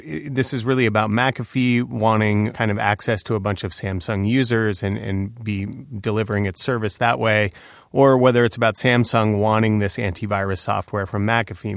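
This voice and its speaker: Low-voiced man tech correspondent. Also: vocal fry, no echo, studio quality. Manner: casual explainer, many fillers. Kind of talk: radio interview explanation.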